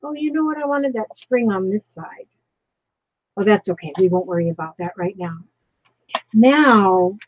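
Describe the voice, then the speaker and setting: A crafting vlogger chats her way through a casual craft tutorial, sounding emotional and overwhelmed, with frequent breathless exclamations. Her voice is mid-range, and the lo-fi recording carries a little hiss or hum.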